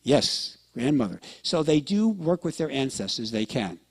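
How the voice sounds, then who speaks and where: A man's voice: medium pitch, big pitch swings, normal speed, husky. A man giving a lecture to an audience, telling stories and often checking in with listeners. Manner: storytelling, acts out quoted dialogue; addresses listeners with frequent check-ins.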